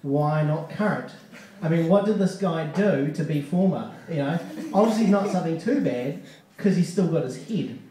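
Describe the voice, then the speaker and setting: A man's voice: on the high side, expressive, normal speed, warm tone, slight background noise. A man doing a live stand-up set in a comedy club, talking in a wry, conversational way with profane asides. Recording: echoey club sound from a distant mic.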